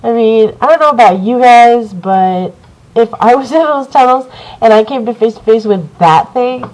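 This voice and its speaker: A woman giving a casual video review of a horror film, rambling and excited, swearing often and full of fillers. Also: a little high, moderate pace, rough recording. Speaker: movie reviewer.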